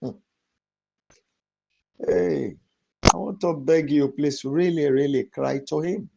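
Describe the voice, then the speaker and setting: Pastor guy from nigeria praying hard, begging over and over, soft then shouting, slow delivery. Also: on the high side, gravelly, dull audio. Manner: pleading, repetitive, swinging between quiet pleas and loud cries. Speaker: pastor leading prayer. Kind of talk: fervent congregational prayer.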